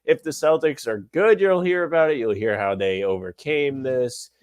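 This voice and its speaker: A man co-hosting a sports podcast, talking in an opinionated, animated rant. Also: medium pitch, moderate pace, smooth, no echo. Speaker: podcast co-host. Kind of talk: casual sports podcast chat.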